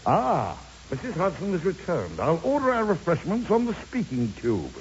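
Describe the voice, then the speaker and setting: An actor playing a pompous Victorian detective in a comic radio play, with a theatrical, mock-grand manner. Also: male voice, on the high side, wildly swooping pitch, normal speed. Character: pompous Victorian detective, man, middle-aged. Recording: dull lo-fi recording, loud hiss.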